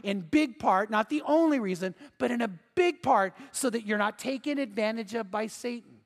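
A man delivers an earnest, emphatic sermon, pressing his points home by repeating them. His voice sits high for a man, and it rings out with the long reverb of a church hall. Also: moderate pace. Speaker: pastor.

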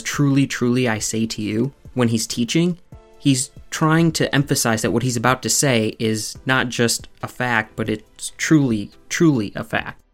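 Man explaining methodically over faint music. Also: mid-range voice. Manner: methodical, explanatory, slows to stress key terms. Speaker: podcast host. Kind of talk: scripted podcast teaching.

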